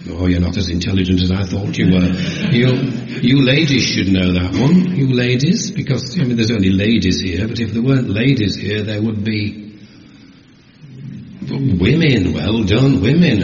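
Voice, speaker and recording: A man's voice: mid-range voice, darkish tone. A man preaching a sermon and joking playfully with his congregation. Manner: jokey, teasing, playful with the congregation. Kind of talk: sermon with audience banter. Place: church hall. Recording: roomy hall, lo-fi recording.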